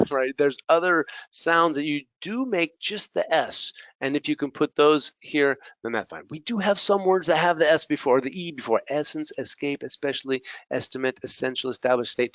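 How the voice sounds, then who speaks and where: A man's voice: medium pitch, moderate pace, fairly bright tone, dry recording. A male teacher giving a pronunciation lesson, repeating each word to model it, with Spanish asides. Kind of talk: classroom lesson. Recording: dull lo-fi dry recording.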